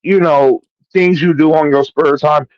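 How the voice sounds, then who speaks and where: Blunt, talkative stream host, man, higher voice, dull lo-fi sound. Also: fairly even intonation, unhurried, no echo. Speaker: livestream host. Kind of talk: casual livestream chat. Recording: dull, dry stream audio.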